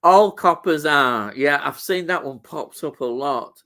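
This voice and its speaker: A man's voice: a little high, a little slow, bright, forceful tone. Agreeable man reading comments. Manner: reads out viewer comments, agreeable, many short yeahs. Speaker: host. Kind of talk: casual chat.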